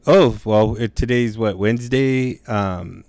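A man's voice: on the low side, slow pace, darkish tone, no echo. A man co-hosting a podcast, chatting casually in laughing, profane, loose banter. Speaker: podcast co-host. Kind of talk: casual chat.

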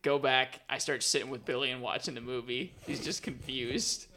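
A man's voice: mid-range voice, fairly even intonation, normal speed, bright, forceful tone. A young man co-hosting a podcast, telling a story in laid-back casual chat and swearing freely.

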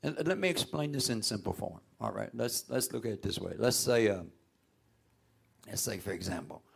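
A man preaching a sermon, often rising into loud outbursts. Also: fairly low pitch, lively intonation, normal speed, vocal fry, slightly rough. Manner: folksy, call-and-response preaching with sudden loud outbursts.

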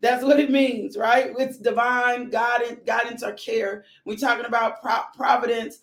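Woman, devotional preacher, gravelly voice, echoey room, conversational sermon with emphatic repeats. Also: fairly high pitch, little pitch movement, moderate pace. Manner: repeats phrases for emphasis, rising to exclamations.

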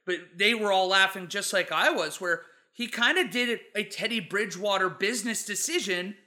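A man's voice: sits high, moderate pace, bright, forceful tone. A man co-hosting a casual football show, chatty and rambling as he tells stories about the game. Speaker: sports show co-host.

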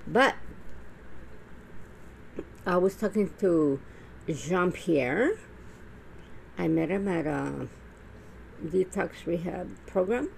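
A woman's voice: on the low side, animated, extremely slow, creaky, long pauses, a little hiss or hum, rough recording. A middle-aged woman talking straight to camera in a blunt, profane, rambling monologue full of restarts. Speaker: vlogger. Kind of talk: casual monologue.

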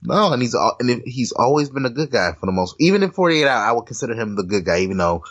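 A man's voice: mid-range voice, sing-song, quick pace, a bit bright, dull audio. A man chatting casually as podcast co-host, rambling and restarting his sentences. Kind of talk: casual chat.

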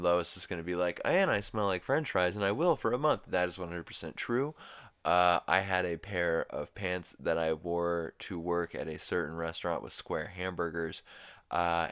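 Deep-voiced laid-back podcast guy. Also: a bit bright, smooth, no echo, studio quality. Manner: rambling, laid-back, swearing casually. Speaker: podcast host. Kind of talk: casual episode recap.

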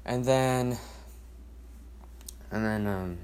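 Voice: mid-range voice, drawn-out words, a little mellow, smooth. A podcast host talking alone in a rambling, repetitive way, full of swearing and restarted sentences. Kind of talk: casual solo rant and storytelling.

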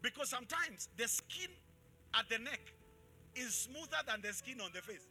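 Very high, bright-voiced preaching man. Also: lively intonation, moderate pace, soft background music. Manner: loud call-and-response preaching, swinging from shouts to quiet asides. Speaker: pastor. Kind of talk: live sermon to a congregation. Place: church in front of a congregation.

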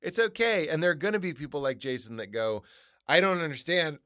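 Man talking animatedly, pitch swinging a lot, casual swearing, dry close sound. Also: quick pace, no room sound. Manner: animated, jumps into loud high voices when quoting people; swears casually, thinks aloud with restarts. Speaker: comedian guest. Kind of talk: candid interview conversation.

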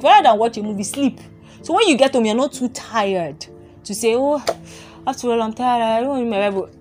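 A young woman hosts a casual faith podcast in an open, confessional way. She laughs easily and circles back to the same phrases. Faint music sits beneath her voice. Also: on the high side. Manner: candid, laughs often, repeats phrases. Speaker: podcast host.

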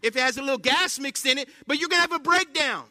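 High, bright-voiced preacher man. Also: fast, no room sound, studio quality. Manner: animated storytelling with acted-out exclamations; asks the congregation frequent questions. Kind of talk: sermon.

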